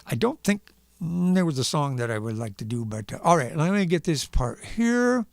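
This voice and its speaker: Man, musician on a live stream, comic storytelling, sound effects for punctuation, lively up-and-down voice, dry sound. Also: a little high, moderate pace, vocal fry, dry recording. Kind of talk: comedic reading on a live stream.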